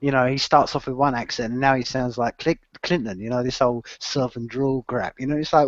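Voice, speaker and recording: A man hosts a conversational interview, halting and restarting as he feels his way toward each point. His voice sits in the middle pitch range. The recording is dry and close, with a dull, lo-fi tone. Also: no room sound. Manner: halting, searches for words with many "uh" and restarts, says "man". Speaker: podcast host.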